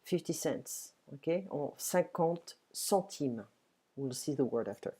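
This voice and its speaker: A woman teaching a beginner French lesson online, patiently explaining and reading dialogue lines slowly and clearly. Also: sits low, animated, dark tone.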